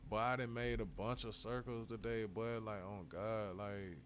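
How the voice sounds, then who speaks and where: A man's voice: lowish voice, steady tone, normal speed, fairly bright tone, slight background noise. A man hosting a live stream, chatting casually with heavy swearing, frequent laughs and bursts of hype. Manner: profane, hyped, laughs often.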